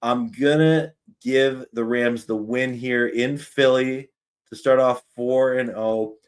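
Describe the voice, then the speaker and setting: A Canadian man hosts a casual sports talk stream, running through his predictions with an upbeat, chatty manner. His voice sits in a middle pitch, and he pokes fun at himself as he goes. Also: fairly even intonation, takes it slowly. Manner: chatty, upbeat, self-deprecating. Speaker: sports podcast host.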